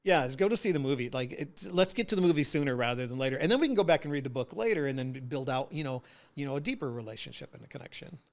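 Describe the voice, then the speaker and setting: Relaxed man explaining an analogy. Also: medium pitch, fast talker, vocal fry. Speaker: podcast guest. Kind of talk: casual chat.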